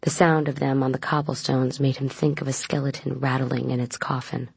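Brief: audiobook narrator for a gothic tale, measured reading, gravelly texture, close and dry sound. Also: medium pitch, little pitch movement, dry recording. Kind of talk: scripted narration.

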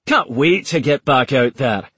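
A man's voice: medium pitch, lively intonation, a little slow, fairly bright tone, breathy edge, no echo. A man voicing a cocky young male soldier with a Scottish accent, talking in brash, cheeky banter. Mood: wry.

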